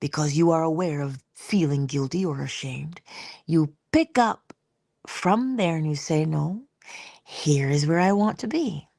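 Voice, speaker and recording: A middle-aged woman giving an inspirational spiritual talk in a conversational, expressive way, slipping into little acted-out quotes. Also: low voice, a little slow, vocal fry, no echo, clean studio sound. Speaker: inspirational speaker.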